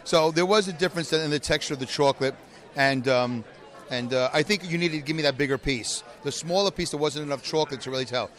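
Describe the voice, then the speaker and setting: A man's voice: fairly high pitch, quick pace, fairly bright tone. A man co-hosting a podcast in casual chat, joking and teasing his co-host. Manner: joking, teasing, self-mocking. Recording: crowd noise behind.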